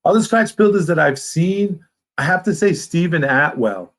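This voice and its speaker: A man from Brooklyn with a New York accent, a guest in a casual interview who rambles warmly and animatedly. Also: a little high, moderate pace, rough recording. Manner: rambling, animated, talks with his hands.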